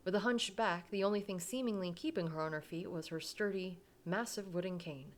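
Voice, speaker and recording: A woman's voice: on the low side, brisk. A woman reading a visual novel aloud, narrating dramatically and breaking off for casual asides. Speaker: game player reading aloud.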